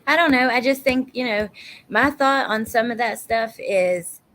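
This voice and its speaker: A woman's voice: fairly high pitch, measured pace, a bit bright. A woman with a Southern US accent chatting casually on a livestream, reading viewer comments and swearing emphatically now and then. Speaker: true crime livestream host.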